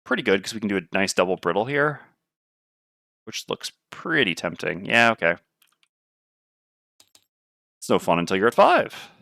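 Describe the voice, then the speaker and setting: A man's voice: lowish voice, big pitch swings, moderate pace, vocal fry, long pauses, sharp tone, no echo, studio quality. A man playing a tabletop board game on stream, thinking aloud and weighing his moves. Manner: muttering, weighing options aloud.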